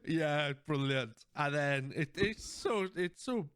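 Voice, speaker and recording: A man's voice: fairly high pitch, expressive, slow pace, a bit bright, clear, resonant tone, no echo, clean studio sound. A man hosting a podcast in casual chat, animatedly retelling scenes, laughing often and acting out quoted lines. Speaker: podcast host. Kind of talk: casual chat recapping episodes.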